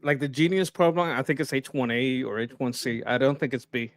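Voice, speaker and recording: Co-host, male, mid-pitched, blunt explainer, dry close mic. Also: steady tone, fairly quick, no room sound. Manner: blunt, explanatory, stumbles and restarts. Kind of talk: casual political chat.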